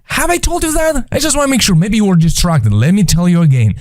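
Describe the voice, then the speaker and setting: A man's voice: sits high, expressive, quick pace, a little mellow, dry recording, studio quality, pitched above the performer's own voice. A man voicing God in a teasing, emphatic way, repeating a command as if the listener missed it. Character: God, playfully repeating himself.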